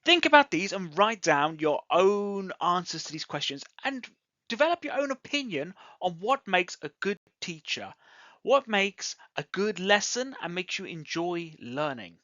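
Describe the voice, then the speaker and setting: A teacher giving an English grammar lesson, speaking slowly and enunciating clearly. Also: medium pitch, sing-song, pushed and bright, no room sound, dull audio.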